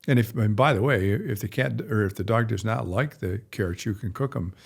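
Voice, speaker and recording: A man's voice: fairly low pitch, fairly quick, vocal fry, slightly rough. A middle-aged male veterinarian chatting on a podcast, rambling and folksy with blunt asides. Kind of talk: casual podcast chat.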